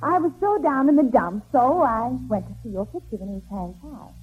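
A woman's voice: a little high, big pitch swings, slight background noise. A sassy, teasing young woman. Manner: slow, teasing put-down delivery. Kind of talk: 1940s radio comedy acting. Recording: tinny old radio broadcast.

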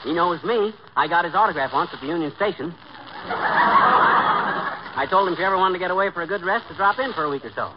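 An actor playing a brash, boastful middle-aged husband with folksy wisecracks, in 1940s radio comedy acting. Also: male voice, high-pitched, a little fast, long pauses, lo-fi sound, lightly acted. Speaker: lead comic character. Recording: hissy old radio broadcast recording.

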